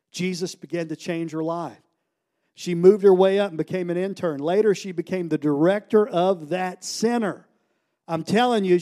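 Preacher, man from the US, mellow warm tone, higher than most men, storytelling sermon delivery. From United States. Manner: storytelling preacher, swings from hushed to loud. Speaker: pastor.

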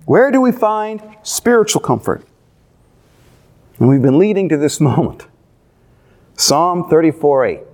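A middle-aged man, a pastor, preaching a sermon with animated storytelling and playful asides. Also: on the high side, a little slow, long pauses.

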